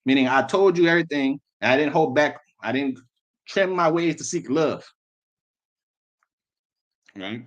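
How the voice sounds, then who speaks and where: A man's voice: fairly high pitch, expressive, a little slow, long pauses. A man preaching, who reads old-style scripture and then explains it in blunt street slang, often repeating words. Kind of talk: sermon with scripture reading.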